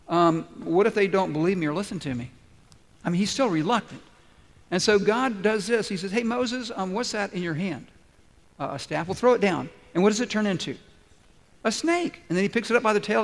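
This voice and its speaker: A man preaching a sermon in a high, bright voice, animated as he acts out each exchange of the story. His words ring through a large church hall with a long, trailing reverb. He speaks as the congregation's pastor. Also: moderate pace. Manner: animated storytelling, acting out dialogue.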